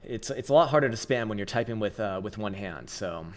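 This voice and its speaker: A man's voice: on the low side, animated, brisk. A man hosting a crypto trading livestream, talking casually and bluntly with heavy swearing, frequent laughs and rambling restarts. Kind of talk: casual livestream chart commentary.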